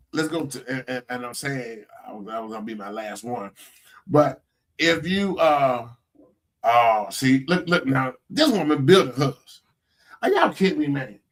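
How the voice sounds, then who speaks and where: A man talking casually on a live stream, his voice swinging widely and sitting a bit high. He takes his time and often stops to restart his sentences, sounding amazed at what he shows. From Florida. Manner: animated, incredulous, rambling with restarts. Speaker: host. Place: home workspace at a computer.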